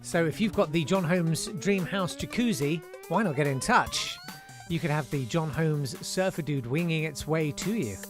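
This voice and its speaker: A man's voice: on the high side, lively intonation, normal speed, over music. A man hosting a casual live-stream chat show, reading out listener messages in a chatty, self-deprecating way. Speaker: host.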